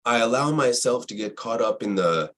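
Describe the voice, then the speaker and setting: A man in a reflective spiritual conversation who repeats phrases and asks himself rhetorical questions, with a husky voice. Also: mid-range voice, expressive, normal speed, a bit bright.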